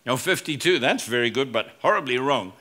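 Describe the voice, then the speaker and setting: A business school professor entertains a live conference audience with a humorous talk, telling stories, acting out quoted lines and joking with the room. His mid-range voice is animated, fairly quick, pushed and bright.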